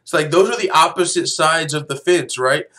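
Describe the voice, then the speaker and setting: A man hosting a fight news show in a loose, profane rant. His speaking voice sits a little on the high side. He laughs often and keeps the talk animated. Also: normal speed. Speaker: MMA news show host. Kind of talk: casual commentary rant.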